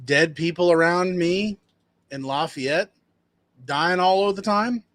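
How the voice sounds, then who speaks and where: Taking it slowly in a somewhat high, slightly bright voice, the owner of a dumpster rental business tells a customer story for a casual storytelling vlog. He rambles conversationally with restarts and asides, acting out other people's lines in a higher voice. The sound is close and dry, free of room echo.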